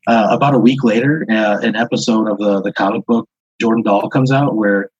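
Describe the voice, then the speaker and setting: A man improvising a comic tabletop story as game master, halting and rambling as he narrates. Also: on the low side, steady tone, husky, no room sound. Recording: dull, dry lo-fi audio.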